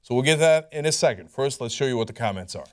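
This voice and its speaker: A man's voice: mid-range voice, quick pace, smooth. Sarcastic man hosting commentary. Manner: sarcastic, incredulous, animated. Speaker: political commentator host. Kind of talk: political commentary.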